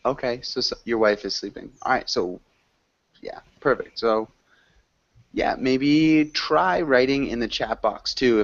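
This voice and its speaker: A man's voice: on the low side, no echo. Dull-sounding male online teacher, rambling. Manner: relaxed, rambling, many fillers. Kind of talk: casual online class chat.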